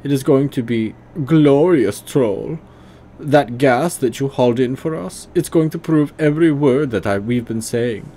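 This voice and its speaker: A man's voice: medium pitch, a little slow, dark tone, voice pushed up, lightly acted. A man voicing a sneering, arrogant male extremist leader with a put-on German accent and a foppish, mocking manner. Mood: gloating.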